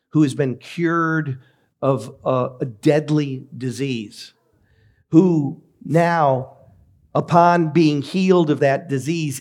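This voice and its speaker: A man who is a pastor, preaching a sermon in a measured, emphatic way with deliberate pauses. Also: fairly high pitch, a little mellow.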